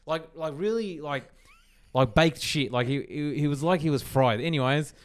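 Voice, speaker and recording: An Australian man on a podcast telling a long, rambling anecdote, animated and sweary, with lots of restarts. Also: fairly high pitch, normal speed, clear, resonant tone. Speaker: podcast co-host. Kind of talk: casual chat.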